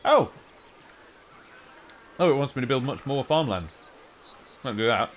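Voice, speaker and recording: A man's voice: medium pitch, animated, a little slow, slight background noise. A man streaming a strategy game, chatting casually and musing aloud in a rambling, self-mocking way.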